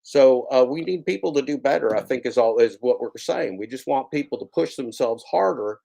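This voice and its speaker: A man's voice: medium pitch, expressive, brisk, vocal fry, dark tone. A man in his forties, hosting his own channel, delivering a rambling, sardonic monologue that repeats itself. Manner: sardonic, drawling, repetitive. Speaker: channel host.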